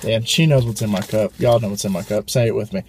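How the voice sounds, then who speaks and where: A man hosting a casual food review, joking around excitably in a fast food restaurant. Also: fairly low pitch, over a noisy crowd. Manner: playful, excitable, jokey.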